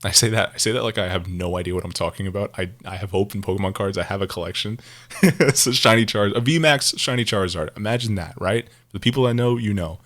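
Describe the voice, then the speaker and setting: A man with a fairly low voice chats loosely on a podcast. He rambles, circles back to the same points, and laughs easily, dropping the odd swear word. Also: fast, a bit bright. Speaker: podcast co-host. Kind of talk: casual chat.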